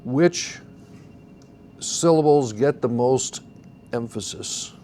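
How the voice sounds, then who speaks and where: Patient male instructor with a mellow tone, faint background hiss, teaching a class. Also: medium pitch, slow. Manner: patient, explains step by step, asks the class questions. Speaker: song leading teacher. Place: church classroom.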